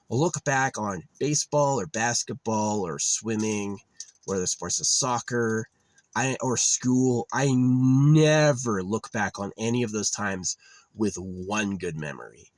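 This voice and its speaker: Low-voiced rambling male vlogger. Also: slow, dry recording. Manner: rambling, digressive, ranting, many fillers. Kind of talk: rambling casual monologue.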